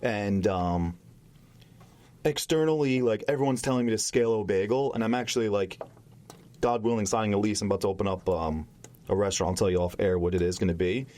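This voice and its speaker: A man with a lowish voice hosts a casual podcast chat. He jumps in with quick encouraging remarks and often finishes his guest's thoughts. He speaks like a friend talking shop. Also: warm tone, slight background noise. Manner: supportive interjections, finishes guest's sentences. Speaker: podcast host.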